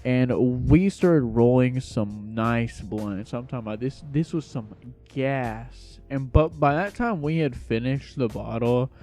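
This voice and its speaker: A man's voice: medium pitch, a little slow, dark tone, soft background music. Laid-back young man telling a story. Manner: slangy, laid-back rambling. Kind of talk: casual storytime.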